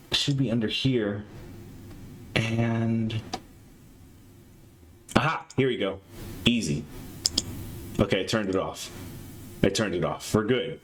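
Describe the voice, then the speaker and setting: A young man hosting a live stream in casual chat, nervous and excitable, stammering and rambling. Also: on the low side, takes it slowly, long pauses, a little hiss or hum. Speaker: streamer host.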